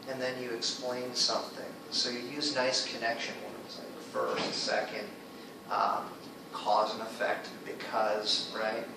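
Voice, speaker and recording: A man's voice: on the high side, far from the mic, background noise. Guy teaching english class, keeps asking okay? right?, recorded from across a big echoey room. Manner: explains patiently, checks in with students often. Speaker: ESL teacher.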